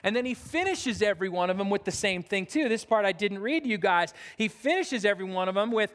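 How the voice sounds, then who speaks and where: A man's voice: high voice, lively intonation, quick pace, hardly any pauses, fairly bright tone. A man preaching a sermon as pastor, in casual, repetitive talk with frequent restarts. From United States. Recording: long hall reverb.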